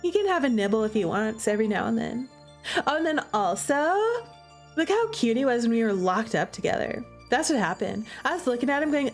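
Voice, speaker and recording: A woman's voice: fairly high pitch, expressive, fairly quick, faint music behind. A young woman streamer giving playful, chatty commentary while playing a romance game.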